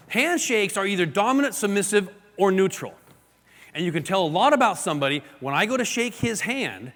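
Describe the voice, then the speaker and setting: A man giving a live seminar talk to an audience, acting out stories and gestures as he teaches. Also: sits high. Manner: animated storyteller, acts out gestures and quotes. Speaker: real estate seminar speaker. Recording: long hall reverb.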